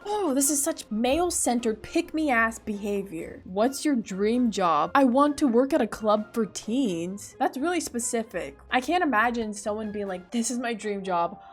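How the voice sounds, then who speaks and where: A woman's voice: a little high, husky. A young woman in her twenties, a vlogger, chatting casually and sarcastically as she reads quiz questions aloud and mocks them. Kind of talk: casual vlog commentary.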